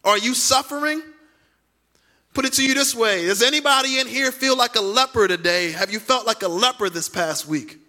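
A man preaching a sermon as pastor, speaking to the congregation with direct questions and drawn-out emphatic words. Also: extremely high pitch, bright, forceful tone. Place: church sanctuary.

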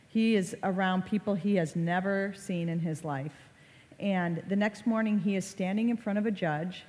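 A middle-aged woman speaks to an audience in a large hall, and her voice carries a long, ringing reverb. She tells her story with conversational drama, with the odd "um" and "like" along the way. Her pitch sits in an ordinary middle range. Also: a little mellow. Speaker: speaker on social media safety. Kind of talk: storytelling public talk.

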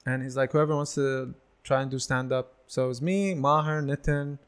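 With a clear, resonant, medium-pitched voice at normal speed, a thirty-something stand-up comedian chats casually and tells stories. He animatedly acts out the voices of the people in them.

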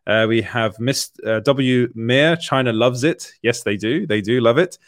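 A young man hosting a livestream works through viewer comments at a measured pace, his mid-range voice captured in a dry, studio-quality recording. The chat stays casual, full of laughter and filler words.

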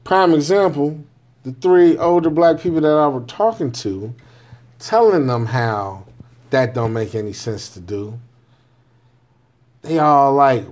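With a medium pitch, lively intonation, a darkish tone and a measured pace broken by long pauses, a forties-aged dad talks straight to camera about his parenting. His account is blunt and candid, laced with profanity and frequent "right?" check-ins.

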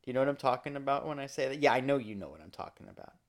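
A man's voice: mid-range voice, animated, very fast. Male podcast co-host, loose and playful, rambles through casual banter. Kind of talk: casual chat.

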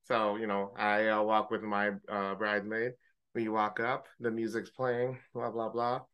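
A man co-hosting a podcast, telling a story in casual chat, animated, swearing freely and mimicking friends in high joking voices. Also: measured pace, smooth. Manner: swears casually, uses gamer slang. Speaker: podcast co-host.

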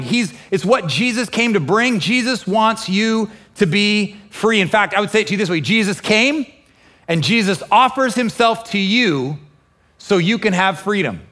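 High-voiced man preaching a sermon. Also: moderate pace. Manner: animated, acts out inner voices and quotes. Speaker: pastor. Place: church, also streamed online.

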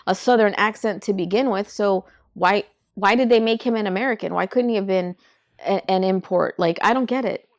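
A woman's voice: mid-range voice, brisk. A woman in a casual movie review chat who talks emphatically and keeps asking rhetorical questions.

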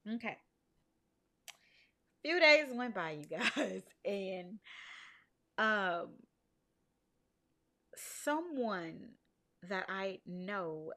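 A woman tells her viewers a story of faith in a loose, chatty way. Her pitch climbs sharply whenever she acts out her own words. She speaks of her small business as she goes. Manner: animated storytelling, voice jumping high when quoting herself. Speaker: small business owner sharing a testimony. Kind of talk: casual faith testimony to viewers.

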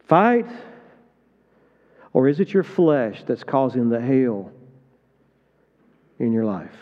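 A male pastor preaching a sermon with passion, swinging from hushed tones to loud emphatic peaks. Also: mid-range voice. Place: large church hall. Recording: dull sound, long hall reverb.

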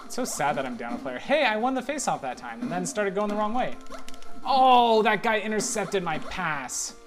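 A let's play gamer gives rambling, casual commentary while he plays, mocking his own mistakes and breaking into sudden exclamations. His high voice swings widely in pitch at a normal speed, with music behind him.

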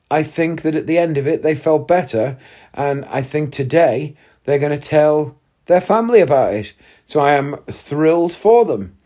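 A man's voice: fairly high pitch, dark tone. Chatty self-mocking man. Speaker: podcast host. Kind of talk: casual solo podcast chat.

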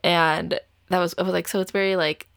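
A woman's voice: lowish voice, little pitch movement, fairly quick, gravelly, a bit bright, clear, resonant tone, no room sound, studio quality. A young adult woman casually telling a dating story, full of "like" fillers and light laughs. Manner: chatty, heavy filler use of "like", frequent light laughs.

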